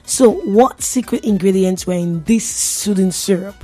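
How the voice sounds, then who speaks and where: A woman's voice: mid-range voice, unhurried, warm tone, soft background music. A woman from Nigeria, hosting a casual radio tech show and chatting playfully with her listeners, laughing often. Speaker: radio host.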